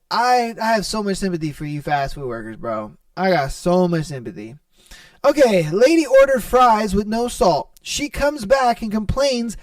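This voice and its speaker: A man's voice: high-pitched, no room sound, far from the mic. A young man hosting a podcast, telling funny customer stories in a casual, profane way and laughing as he goes. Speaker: podcast host. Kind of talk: casual storytelling monologue.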